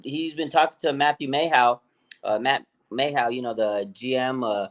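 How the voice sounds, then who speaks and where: A man co-hosting a live sports talk stream, telling stories in an excited, rambling way. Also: medium pitch, normal speed, rough recording. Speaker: podcast co-host.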